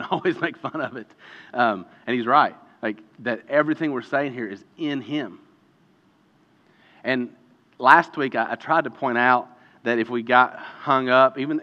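A man preaching a sermon, animated and emphatic, with chatty asides and quick restarts between points. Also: lowish voice. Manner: animated preaching with sudden loud emphatic peaks; chatty, self-deprecating asides with fillers and restarts. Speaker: pastor. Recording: muffled, with a long hall reverb.

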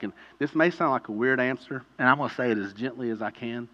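A male pastor preaching in a casual, storytelling way, his voice bright and forceful. He climbs to loud, impassioned peaks and then drops back to a quiet, intimate tone. The recording is a little dull and lo-fi. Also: mid-range voice, fast. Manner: conversational preaching with vivid storytelling, rising to loud pleading peaks. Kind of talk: sermon.

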